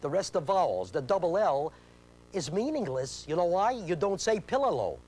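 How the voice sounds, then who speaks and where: A man's voice: high voice, big pitch swings, normal speed, a little mellow. A man teaching a memory technique on an instructional video, speaking emphatically, repeating his key points and quizzing the viewer. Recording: 1980s VHS instructional tape.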